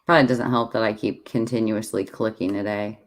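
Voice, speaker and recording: Easygoing livestream host, mid-pitched voice. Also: fairly even intonation. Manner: easygoing, halting, thinks aloud. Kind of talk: casual livestream chat. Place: home with many devices running.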